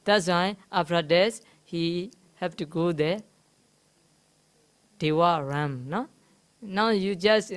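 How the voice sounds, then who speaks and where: A woman gives a slow, unhurried Dhamma talk as a Buddhist teacher. Her voice is fairly low and clear, and she pauses often with fillers while she explains each word. Now and then she gently teases her listeners. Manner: halting, explains Pali terms slowly with many fillers; gently teasing the audience. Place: meditation centre hall.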